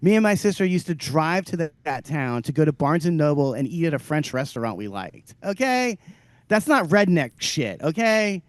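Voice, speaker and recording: A man from the American South co-hosting a podcast, ranting profanely with big swings in loudness. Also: fairly high pitch, big pitch swings, normal speed, dry recording. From Southern US (Louisiana). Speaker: podcast co-host, comedian. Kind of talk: casual chat.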